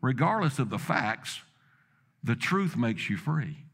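A man's voice: big pitch swings, slow, vocal fry. Preacher man telling a story in a sermon. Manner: dramatic storytelling with quoted dialogue; builds to loud emphatic peaks, then drops low.

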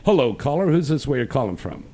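A man hosting a radio talk show, loud and bantering as he takes calls. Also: medium pitch, sing-song, fast.

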